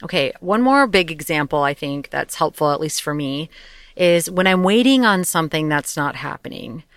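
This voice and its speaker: A woman's voice: deep voice, moderate pace, no echo, studio quality. A young woman hosting her own podcast, talking casually and chattily about life coaching, with light laughter and loose asides. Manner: chatty, animated, laughs often, swears lightly. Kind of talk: casual solo podcast talk.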